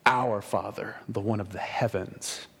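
A man preaching a sermon in a conversational style, with emphatic asides and quick restarts. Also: lowish voice, steady tone, vocal fry, fairly bright tone, breathy edge. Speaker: pastor. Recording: reverberant hall.

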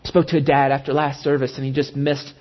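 A man preaching a sermon. He acts out the tempting inner voices quickly, then slows down and drops low and quiet on key lines. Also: little pitch movement, highs cut off. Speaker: pastor.

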